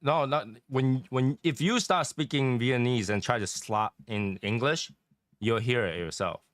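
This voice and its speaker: A man's voice: mid-range voice, unhurried, a bit bright, no room sound, clean studio sound. A middle-aged man chatting casually and animatedly, often laughing and imitating accents. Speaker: cigar chat co-host. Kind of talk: casual chat.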